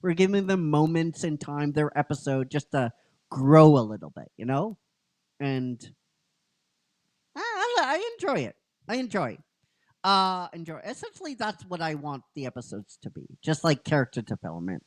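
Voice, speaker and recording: A man's voice: fairly high pitch, huge pitch swings, normal speed, no room sound. A man hosting a casual podcast chat, recapping a story he wrote in a rambling way, full of fillers and "right?". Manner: rambling, filler-heavy, keeps asking "right?". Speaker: podcast host and episode writer.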